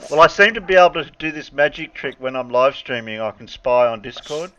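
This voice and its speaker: A man's voice: medium pitch, expressive, fairly quick, bright, forceful tone, no room sound, highs cut off. A man with an Australian accent hosting a casual live stream chat, joking and playful with his guests.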